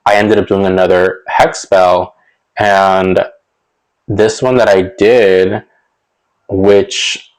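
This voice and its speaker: A man's voice: on the low side, smooth, low-quality recording. A young man telling a personal story in a casual monologue, rambling with lots of fillers and restarts and chuckling now and then. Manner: chuckles between sentences. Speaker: storytelling vlogger.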